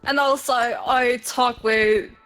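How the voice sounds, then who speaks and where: A woman's voice: on the high side, steady tone, slow, fairly bright tone. A Swedish woman with a Swedish accent, chatting casually with friends during a game, laughing often and teasing playfully. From Sweden. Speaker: fellow player. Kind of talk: casual chat while gaming.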